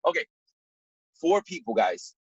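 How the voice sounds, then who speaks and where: A man with a husky, slightly raised voice talks to his team like a motivational sales coach. His pitch swings up and down as he hammers points home again and again. The sound is dry and a little dull, like a lo-fi home recording. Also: measured pace, no echo. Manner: animated, repetitive, pep-talk delivery. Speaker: network marketing trainer.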